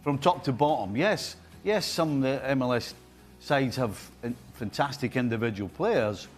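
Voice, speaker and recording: A man's voice: medium pitch, lively intonation, soft background music. A man with a Glasgow accent, talking football as a pundit in a blunt, emphatic way. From west coast of Scotland. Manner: blunt, emphatic, quick to protest. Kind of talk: casual podcast chat.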